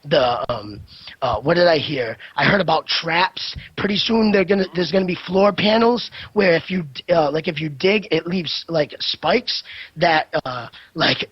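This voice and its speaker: Brief: young male co-host, animated storyteller, dry close lo-fi voice chat sound. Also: a little high, breathy edge, no room sound. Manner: excitable storyteller, swears a lot, many fillers. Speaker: podcast co-host. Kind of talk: casual gaming chat.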